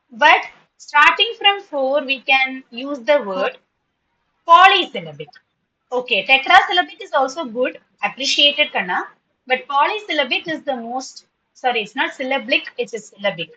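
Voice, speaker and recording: Bright-voiced woman teaching a class. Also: high voice, lively intonation, muffled recording. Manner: patient, spells words out and repeats them slowly. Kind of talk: online spoken English class.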